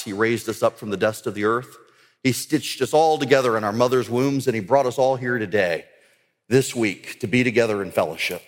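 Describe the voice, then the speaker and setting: A man giving an earnest religious conference talk that builds to fervent exhortation. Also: on the low side. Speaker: conference speaker. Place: large conference hall. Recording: long hall reverb.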